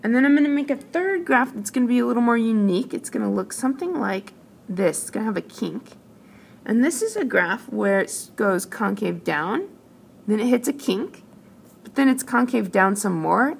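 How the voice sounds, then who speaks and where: A woman's voice: mid-range voice, creaky, slight background noise. A woman math teacher explaining a calculus lesson patiently, step by step, as she writes.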